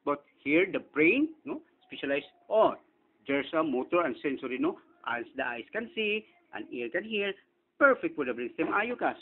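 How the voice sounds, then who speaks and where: A man's voice: a little high, vocal fry, breathy edge. Filipino man rambling on a tinny line. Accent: Filipino (Cebuano). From Philippines. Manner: rambling, frequent tag questions. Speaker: channel owner and inventor. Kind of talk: casual screen walkthrough. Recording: tinny phone-like audio, faint hiss.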